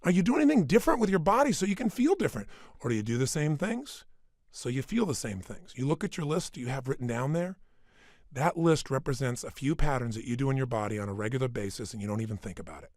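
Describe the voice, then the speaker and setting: A middle-aged man giving an energetic motivational talk into a studio microphone, dropping to a hush and then surging loud for emphasis. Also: medium pitch, fast, no room sound. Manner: energetic, emphatic, swings between hushed and loud. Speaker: motivational speaker. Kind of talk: motivational talk recorded for audio program.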